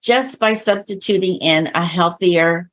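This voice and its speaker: A woman who coaches clients on diabetes-friendly meals is a guest in a conversational interview, chatting and telling stories with animated retellings. Her voice is lowish and unhurried.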